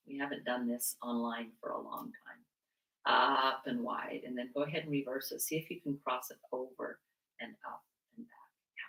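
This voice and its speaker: Bright-voiced woman leading chair yoga. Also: very deep voice. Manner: chatty, mixes personal stories with movement cues. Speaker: yoga instructor. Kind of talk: guiding a seated chair yoga class. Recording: echoey room, mic at a distance.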